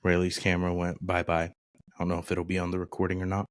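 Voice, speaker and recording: A man's voice: low voice, monotone, quick pace, no echo. A man from Nebraska co-hosting a podcast, chatting casually and upbeat with rambling asides. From Nebraska, USA. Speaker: podcast co-host. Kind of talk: casual chat.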